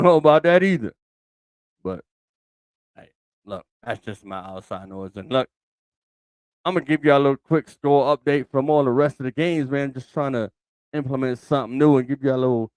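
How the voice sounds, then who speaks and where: A man's voice: medium pitch, no room sound. Casual, dry-sounding male podcast host. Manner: loose and conversational, thinking aloud with frequent fillers. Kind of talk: casual solo sports commentary.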